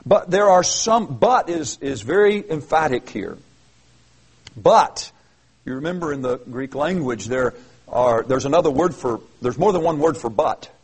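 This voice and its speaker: A man's voice: a little high, expressive, unhurried, breathy edge, low-quality recording. A man preaching an expository sermon, reading verses aloud and explaining them earnestly with emphatic, repeated phrases. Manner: earnest, emphatic, with frequent restarts. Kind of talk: expository Bible teaching.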